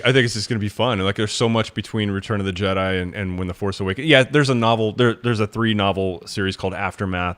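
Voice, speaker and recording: A man with a very low, deep voice talks casually as a podcast co-host. He gets animated and trips over his words, repeating himself as he works through his thoughts. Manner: animated, self-correcting, stammers on repeats. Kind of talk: casual chat.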